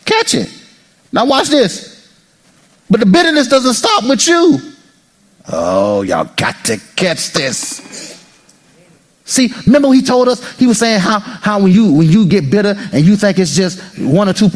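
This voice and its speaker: A male pastor preaching an animated sermon, joking with the congregation and acting out people's inner voices. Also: on the high side, moderate pace, breathy edge. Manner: jokes and teases the congregation.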